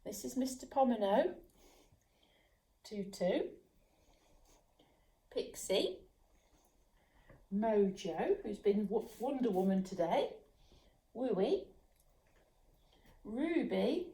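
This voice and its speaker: A woman, a children's author, reading a bedtime story at home in a gentle, soothing manner that sometimes drops to a whisper. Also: medium pitch, animated, extremely slow, long pauses. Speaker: children's author and dog trainer. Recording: roomy echo.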